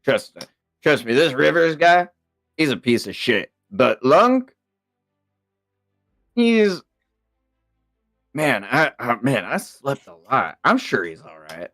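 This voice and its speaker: A man playing his character in a tabletop game, talking in an excitable, rambling way. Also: medium pitch, slow pace, pauses often, dry recording, soft background music. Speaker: player. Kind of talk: in-character tabletop role-play.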